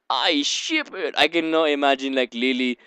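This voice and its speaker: A man's voice: fairly high pitch, normal speed, pushed and bright, clear, resonant tone, no echo. A young man hosting a let's play, reading a visual novel aloud and rambling between lines with giggly asides.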